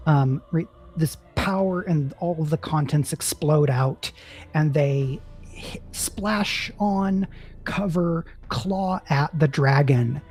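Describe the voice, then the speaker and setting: A game master narrating a tabletop role-playing battle in a measured, descriptive way, checking in with the players. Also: mid-range voice, darkish tone, slightly rough. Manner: measured, descriptive, hesitant restarts.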